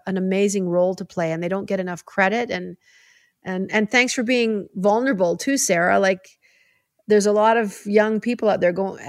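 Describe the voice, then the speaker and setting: A middle-aged woman hosting a podcast in a chatty, animated way, giving heartfelt advice. Her voice sits in a middle pitch and sounds dry and close, with no room sound. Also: no room sound. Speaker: podcast host. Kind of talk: casual chat.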